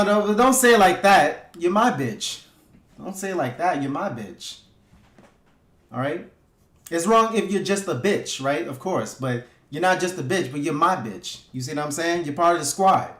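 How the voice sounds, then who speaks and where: A man hosts a casual livestream, chatting loosely and profanely with his viewers and hyping them up. His voice sits high and sounds a bit bright, and the room is echoey.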